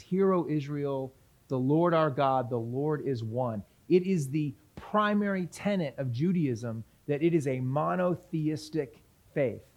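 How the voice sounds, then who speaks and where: Male pastor teaching scripture, higher-pitched voice, casual questions to the congregation. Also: highs cut off. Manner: conversational teaching with questions to the audience; reads scripture aloud. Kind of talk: sermon, Bible teaching.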